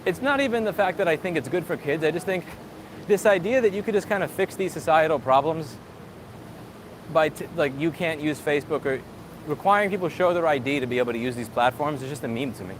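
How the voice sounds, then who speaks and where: A man's voice: on the high side, brisk, noisy background. A man talking casually and sarcastically while walking outdoors, ranting with profanity and dry jokes. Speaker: tech streamer.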